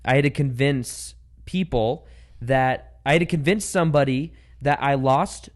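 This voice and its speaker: A man's voice: medium pitch, unhurried. A young adult man hosting a casual chat, telling stories animatedly and laughing as he goes. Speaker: podcast host.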